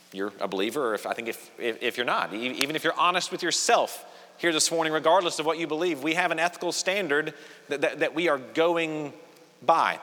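A male pastor delivers an earnest, conversational sermon, often restarting his phrases. His voice is bright and forceful. It rings with the long reverb of a church hall. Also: mid-range voice. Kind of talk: sermon with opening prayer. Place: church sanctuary.

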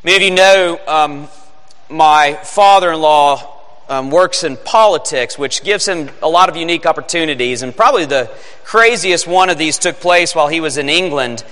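A man's voice: fairly high pitch, moderate pace, a bit bright. A man preaching a Christmas Eve sermon, earnest and building to emphatic peaks. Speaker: pastor. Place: church sanctuary. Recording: echoing sanctuary reverb.

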